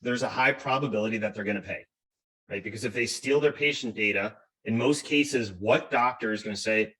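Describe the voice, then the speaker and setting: A lowish male voice picked up from some distance off the mic. He walks through the points like a webinar presenter and checks in with "right?" between them. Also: fairly quick, sharp tone. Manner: explanatory, fond of asking "right?". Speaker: cybersecurity expert guest.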